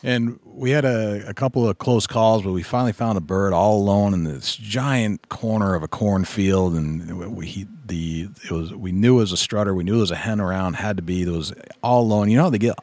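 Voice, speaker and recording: A middle-aged man hosting a podcast, affirming his guest and telling his own stories in a measured way. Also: lowish voice, darkish tone, no echo. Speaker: podcast host. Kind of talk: casual conversation.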